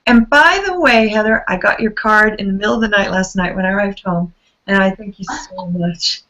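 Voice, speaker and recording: A tired woman with a gravelly voice, effusively hosting an online book club chat over a video call. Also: mid-range voice, normal speed, low-quality recording. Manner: warm, effusive, chatty.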